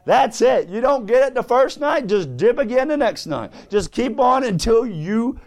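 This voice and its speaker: A man preaching with fervor and a high-pitched voice, his delivery climbing from quiet asides to loud exclamations. He reads old-English scripture aloud between points. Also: lively intonation, normal speed. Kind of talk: sermon.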